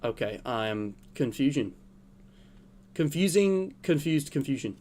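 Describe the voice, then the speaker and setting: A young man with a medium-pitched, darkish voice speaks expressively at a measured pace. He's streaming a game and talking to chat as he plays, rambling and joking in a casual way.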